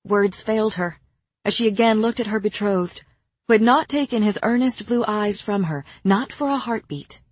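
A woman narrating an audiobook in a measured, even storytelling manner. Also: medium pitch, slightly rough, no room sound.

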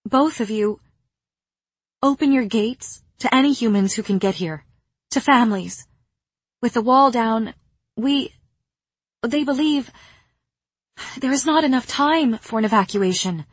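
A woman reading an audiobook, voicing a gentle, frightened young woman who pleads softly in a raised voice. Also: on the high side, unhurried, pauses often, breathy edge, no room sound, pitched above the performer's own voice. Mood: pleading.

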